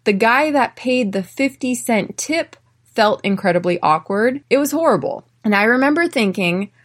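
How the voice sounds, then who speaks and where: An American woman hosting an English-learning podcast, telling personal stories and drilling phrases slowly for listeners to repeat. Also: on the high side, expressive. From United States. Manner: clear, slow drilling in repeat-after-me phrases; chatty, often tags lines with "right?". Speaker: podcast host and English teacher. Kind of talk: podcast lesson.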